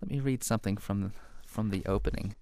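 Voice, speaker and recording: A man's voice: fairly low pitch, brisk, creaky, dark tone, dry recording. A young man, a novelist guest in an interview, talking about his writing and laughing at himself as he reads his own early story aloud.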